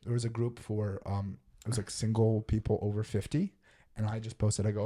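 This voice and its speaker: A man's voice: lowish voice, level tone, brisk, warm tone. Laughing, rambling comedian man. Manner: rambling storytelling, laughing often. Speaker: guest comedian. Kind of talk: casual podcast chat. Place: podcast studio.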